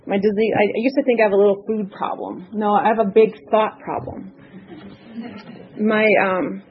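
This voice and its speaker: A woman giving a personal testimony at a recovery meeting, earnest and nervous, with many ums and restarts. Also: medium pitch. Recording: slightly dull lo-fi audio, faint noise.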